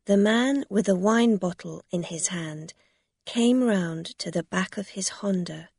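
A woman narrating a story in a slow, deliberate reading. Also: fairly low pitch, darkish tone, breathy edge, dry recording, studio quality.

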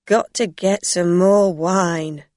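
A woman voicing a drunk, red-faced man who is angry and confused, talking loudly. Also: lowish voice, fairly even intonation, slow pace, no room sound, studio quality. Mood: drunk, bewildered.

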